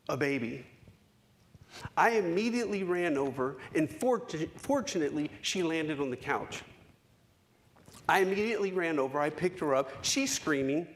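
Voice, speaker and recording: A man in his forties giving a keynote speech, telling a personal story with dramatic pauses and emphasis. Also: on the high side. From United States. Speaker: keynote speaker. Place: conference hall stage.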